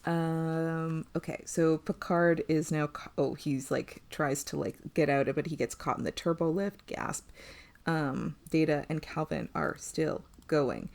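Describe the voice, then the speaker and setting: Woman, podcast co-host, casual recap, rambling, giggly, lowish voice. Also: unhurried, creaky. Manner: rambling, animated, frequent laughs and fillers. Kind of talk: casual chat.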